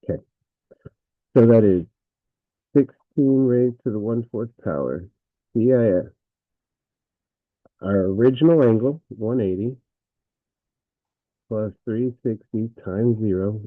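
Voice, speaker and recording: A man's voice: lowish voice, slow, pauses often, no echo, narrow, tinny audio. A man teaching a recorded math lesson, thinking aloud as he works through problems and correcting himself with frequent fillers.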